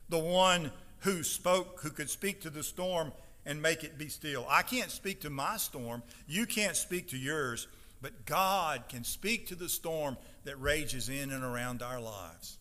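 A fairly high, bright and forceful male voice preaching from the pulpit. He moves from easy storytelling to loud, emphatic scripture reading. The sound carries a long church reverb. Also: lively intonation, unhurried. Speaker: pastor. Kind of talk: sermon. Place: church sanctuary.

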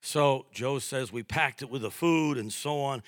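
A man preaching a sermon as a pastor, telling stories with acted-out dialogue in a lively, humorous way. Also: medium pitch, a little slow, no echo, studio quality. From New York.

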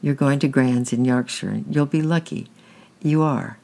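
A man's voice: medium pitch, a little slow, vocal fry, a little mellow. A man voicing an anxious young boy who pleads to keep his things.

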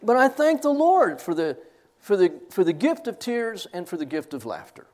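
A man's voice: sits high, moderate pace. An older man teaching from a Bible passage to students in a sermon style, laughing and getting choked up as he tells stories. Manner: animated, laughs and chokes up while telling stories. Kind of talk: classroom sermon.

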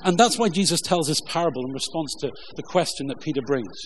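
Male pastor, informal sermon delivery, halting with plenty of ums, quick jokes, slightly raised pitch, faint room hum behind. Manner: informal, halting, many fillers, jokey asides. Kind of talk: conversational sermon with scripture reading.

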